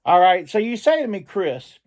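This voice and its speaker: A middle-aged man hosting a reselling vlog, talking in an excitable, rambling way and often repeating himself. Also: high voice, measured pace. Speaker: reseller channel host. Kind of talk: casual vlog talk.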